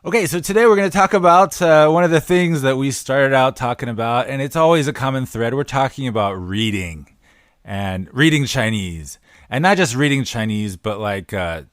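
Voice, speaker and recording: Casting: male co-host, relaxed chatty delivery, mid pitch, dry close mic. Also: normal speed, no room sound. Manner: easygoing, chatty, some fillers. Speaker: podcast co-host. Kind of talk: casual podcast chat.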